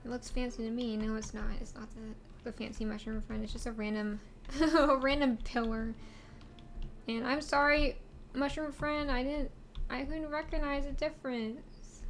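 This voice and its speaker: A woman's voice: sits high, steady tone, normal speed, a little hiss or hum. A woman streamer giving casual game commentary, rambling and giggly, asking herself questions as she plays.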